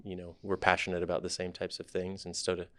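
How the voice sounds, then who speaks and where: A man in his thirties, a startup CEO appearing as a podcast guest, tells his story in a relaxed, candid, thoughtful way. His voice is low and fairly quick, with no echo.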